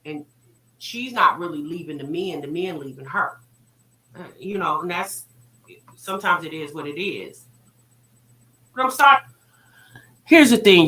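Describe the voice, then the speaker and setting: A woman hosts a reaction vlog, chatting casually, speaking straight to her viewers, and rattling off rhetorical questions. Her voice is low-pitched with a fairly bright tone.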